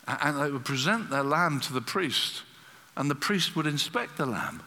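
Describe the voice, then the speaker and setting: Bright, lively male preacher in a hall. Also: medium pitch, normal speed. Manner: lively storytelling preacher, acts out quoted voices. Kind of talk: sermon.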